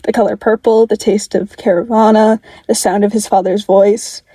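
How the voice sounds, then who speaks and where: Woman reading fan fiction, mellow and dry. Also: mid-range voice, flat delivery, normal speed, no room sound, low-quality recording. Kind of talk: audiobook-style story reading.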